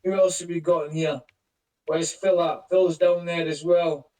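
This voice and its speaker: Man, casual voice chat host, rambling and cursing, high voice, distant from the mic. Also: steady tone, a little slow, mellow, reverberant. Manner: rambling, swears a lot, greets listeners by name. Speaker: crypto project lead hosting a community voice chat.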